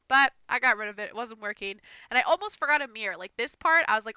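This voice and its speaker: A woman's voice: medium pitch, fast, few pauses, pushed and bright, clean tone, no room sound. A young woman rambling casually through a gameplay voiceover, a little nervous and self-conscious. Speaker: gaming streamer.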